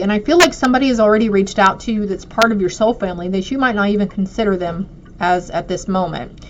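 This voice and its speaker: A woman's voice: medium pitch, slight background noise. A woman casually reading oracle cards to her viewers, addressing them directly and affectionately. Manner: affectionate, speaks straight to viewers. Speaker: oracle card reader. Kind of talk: casual spiritual card reading. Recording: dull lo-fi audio.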